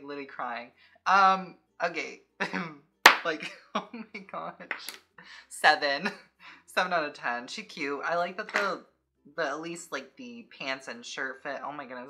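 A woman's voice: sits low, a little slow, sharp tone. A young adult woman hosting a casual unboxing vlog, chatty and filling her speech with "like". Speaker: YouTube host.

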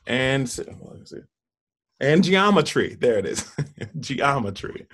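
A man's voice: medium pitch, normal speed, vocal fry, breathy edge. A man reading a children's picture book aloud, stopping to ask questions, point out the pictures and savour single words. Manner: warm, encouraging, asks listeners questions and points at pictures; lingers playfully on single words. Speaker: storybook reader for children.

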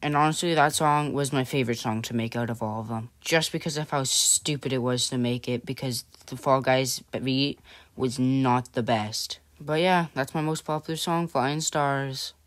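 Chatty offhand vlogger, mid-pitched voice. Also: fairly even intonation, normal speed, fairly bright tone. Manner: chatty, loose and offhand, leaning on fillers like "and yeah" and "honestly". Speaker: channel host. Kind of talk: casual vlog recap.

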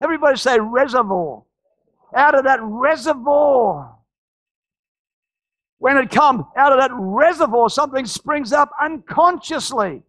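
A man preaching a sermon as pastor, telling stories with frequent restarts and shouted climaxes. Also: extremely high pitch, lively intonation, unhurried, pauses often, dry recording. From Australia.

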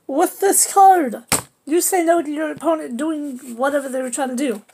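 A woman with a high voice talks through her card game deck in a loose, casual way. She is playful and cheeky, trash-talking imagined opponents and throwing in goofy sound effects. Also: moderate pace, dark tone. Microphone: camera on a table.

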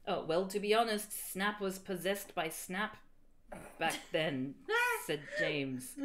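A woman reading fan fiction aloud for laughs, mostly deadpan narration with sudden squealing shouted quotes. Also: lowish voice, takes it slowly, long pauses. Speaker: co-reader.

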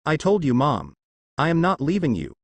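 A man's voice: a little high, wildly swooping pitch, moderate pace, no echo, heavily acted. A man voicing a stubborn teenage boy who refuses to leave his mother. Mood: insistent.

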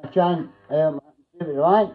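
A middle-aged Scottish man rambles through casual livestream chat, blunt and full of swearing. His voice sits fairly high for a man. The sound is thin and tinny, like a phone line. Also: normal speed. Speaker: livestream host.

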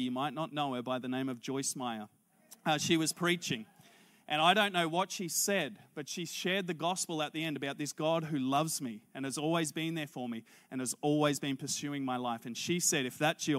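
A man, a pastor preaching a sermon through an animated personal story, acting out the conversation. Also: on the high side. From Australia. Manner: animated, acts out dialogue in character voices.

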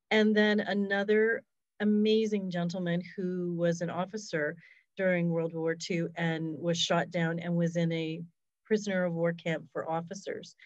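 A woman's voice: on the low side, flat delivery, a little slow, a little mellow, no room sound, highs cut off. A woman, a hospice fundraiser, telling stories in a casual, reflective interview over a video call.

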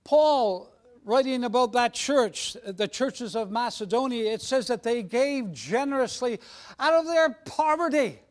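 A man's voice: extremely high pitch, lively intonation, a little slow. A man preaching a sermon in a jovial, conversational way with frequent restarts. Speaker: guest preacher.

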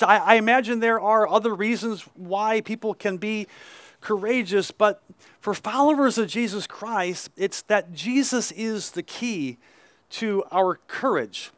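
A male pastor gives a conversational sermon at an outdoor service, dotting his reading with "right?" asides and quick restarts. His voice is high-pitched with a fairly bright tone, recorded dry.

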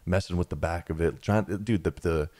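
A man's voice: low voice, normal speed, dark tone. A young man tells a travel story in a casual, rambling way, often saying "man" and "dude". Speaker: vlogger telling a travel story.

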